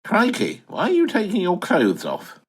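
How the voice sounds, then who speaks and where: An actor playing a bumbling, posh English retiree, flustered and hesitant in a comic audio drama. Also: male voice, high voice, wildly swooping pitch, moderate pace, breathy edge, exaggerated voice. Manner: flustered, posh, hesitant, wildly swooping delivery. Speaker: lead character and narrator.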